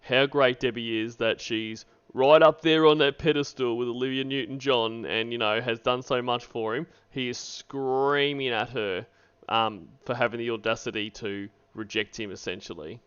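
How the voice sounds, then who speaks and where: A man's voice: mid-range voice, steady tone, normal speed, a bit bright, smooth, dull audio. A man giving loose, casual commentary on radio calls as a stream host, swearing freely.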